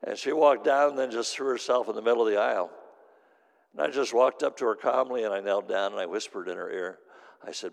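A middle-aged man preaching a sermon as pastor, telling stories and swinging from hushed to loud. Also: mid-range voice, fairly quick, creaky. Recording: long hall reverb.

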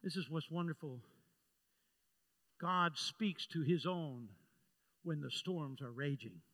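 A man preaching a sermon, moving from soft, quiet phrases to loud, impassioned preaching and leading the congregation in repeated phrases. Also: on the high side, slow pace, in a large hall. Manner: builds from soft to loud preaching, leads the congregation in call-and-response.

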